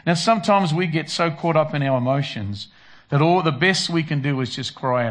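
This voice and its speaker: A man's voice: on the high side, fairly quick, fairly bright tone. A man preaching a conversational sermon who acts out prayers and Bible voices. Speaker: pastor.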